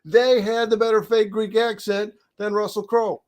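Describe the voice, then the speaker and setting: A man co-hosting a casual chat, rambling excitedly and restarting his sentences. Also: sits high, normal speed. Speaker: co-host.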